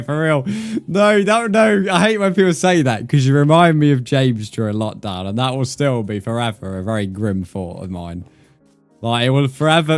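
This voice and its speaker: A young English man streaming a game, chatting casually and joking with his viewers, with faint music behind him. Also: on the low side. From England. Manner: chatty, joking, swears freely, reads chat aloud. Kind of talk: casual live-stream chat while gaming.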